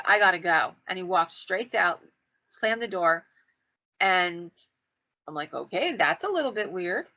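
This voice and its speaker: Gravelly, bright-voiced woman telling a story. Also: on the low side. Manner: chatty, winding storyteller who acts out quoted lines. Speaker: podcast co-host telling ghost stories. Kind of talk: casual storytelling on a podcast. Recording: dull, lo-fi podcast audio.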